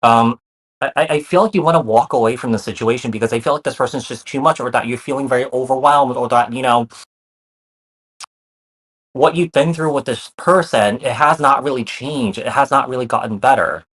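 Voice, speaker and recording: A man's voice: medium pitch, fairly quick, fairly bright tone, slightly rough. Chatty man giving a tarot reading. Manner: repeats phrases, many fillers, reassuring. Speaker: tarot reader. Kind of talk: casual tarot reading to viewers.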